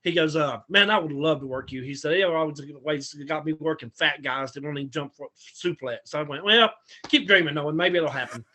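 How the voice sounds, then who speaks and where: Profane, animated man telling stories. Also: on the high side, a little fast. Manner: profane, animated storyteller acting out quotes. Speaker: guest, former pro wrestler. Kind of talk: casual storytelling.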